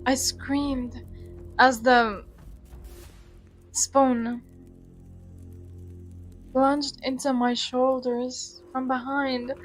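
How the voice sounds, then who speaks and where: High-voiced woman reading a visual novel. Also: level tone, extremely slow, pauses often, faint music behind. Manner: dramatic reading mixed with joking commentary. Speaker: gaming YouTuber.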